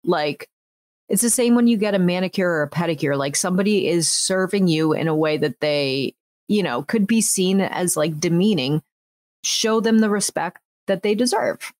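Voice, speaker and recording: Lively storytelling woman. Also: on the low side, moderate pace, no room sound. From United States. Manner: animated, acts out quotes, frequent "like" fillers. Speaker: podcast host. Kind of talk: casual storytelling chat.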